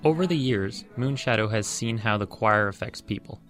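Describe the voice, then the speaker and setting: Man, news reporter, scripted read, faint guitar underneath. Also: on the low side. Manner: measured, even read delivery. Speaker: radio reporter. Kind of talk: scripted radio report narration.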